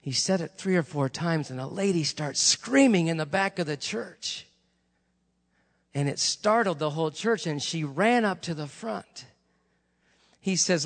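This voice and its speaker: A man's voice: on the high side, measured pace, creaky, big-room sound. A male preacher telling stories during a sermon, in a chatty, conversational way with asides to the congregation.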